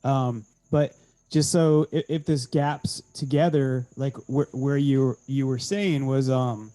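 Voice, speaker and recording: A man co-hosting a casual podcast, agreeable and halting, with frequent restarts and dry jokes. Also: medium pitch, fairly even intonation, dark tone, faint music behind, low-quality recording. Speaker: co-host.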